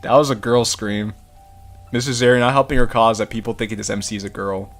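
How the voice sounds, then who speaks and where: A man hosting a gaming channel, giving casual let's play commentary, excitable and quick to swear as he reacts. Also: medium pitch, faint music behind.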